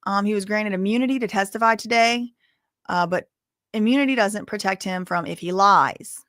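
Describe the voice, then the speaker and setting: Brief: woman, live-stream commentary host, conversational and digressive, mid-pitched, dry close sound. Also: moderate pace, fairly bright tone, dry recording. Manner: casual, chatty, rambling asides. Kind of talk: live news commentary reading updates.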